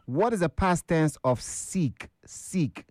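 A man's voice: fairly high pitch, lively intonation, slow pace, darkish tone, dry recording, studio quality. A man with a Ghanaian accent hosting a casual, upbeat call-in quiz on the radio. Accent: Ghanaian English. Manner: casual, upbeat, chatty with callers.

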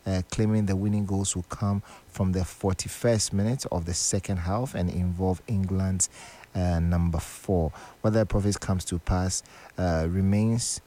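A man's voice: sits low, warm tone. Chatty radio host man. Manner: chatty, jokey, Pidgin asides. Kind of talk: morning radio sports talk with callers.

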